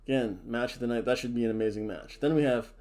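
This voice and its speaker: A man's voice: mid-range voice, fast, a little mellow. A man hosting a casual wrestling predictions chat, jokey and theatrical, hamming up wrestler introductions. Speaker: wrestling show host.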